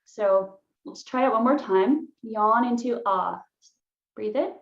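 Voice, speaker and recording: A woman leading a casual online voice lesson, chatty and quick to laugh, with lots of "like" fillers. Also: on the high side, roomy sound, highs cut off. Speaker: voice workshop leader.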